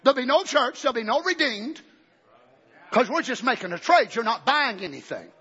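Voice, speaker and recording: A husky man swings his pitch widely through a fiery sermon at moderate speed, falling to hushed murmurs before erupting into shouted climaxes and cries of amen. It's recorded on muffled lo-fi audio in an echoey church hall.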